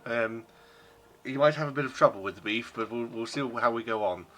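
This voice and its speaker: A man runs a tabletop game, with a bright, clear tone at a middling pitch. He rambles as he narrates, padding his lines with ums and restarting sentences. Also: a little fast, a little hiss or hum. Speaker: game master.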